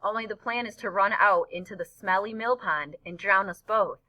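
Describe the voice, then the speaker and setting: A woman narrating a novel in first person, in a lively storytelling manner. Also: mid-range voice, normal speed, highs cut off. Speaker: audiobook narrator. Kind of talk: scripted narration.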